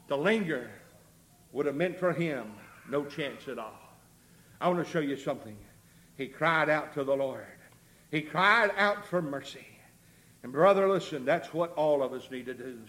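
A man preaching an impassioned revival sermon, swinging from shouts to low, quiet lines. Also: animated, normal speed.

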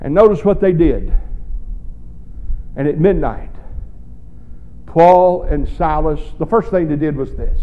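A man preaching a sermon, swinging between booming shouts and low, hushed asides. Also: animated, a little slow, pauses often, rough recording.

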